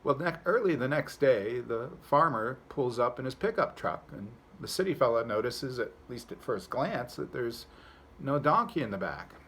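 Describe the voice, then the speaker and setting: A pastor giving a devotional talk, telling a folksy story and then reflecting on it in a relaxed, conversational way. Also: male voice, medium pitch, moderate pace, a little hiss or hum.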